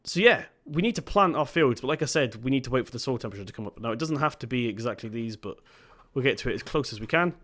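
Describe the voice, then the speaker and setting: A man's voice: mid-range voice, animated, fast, hardly any pauses, a bit bright. A young man giving casual let's-play commentary as a gaming video host, chatty and rambling, often stopping to correct himself.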